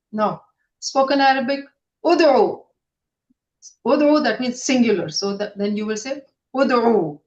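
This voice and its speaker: A woman teaching Quranic Arabic grammar in a recorded online lesson, patiently repeating each word slowly so learners can copy it. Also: mid-range voice, muffled recording. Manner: patient, repeats words slowly to model pronunciation.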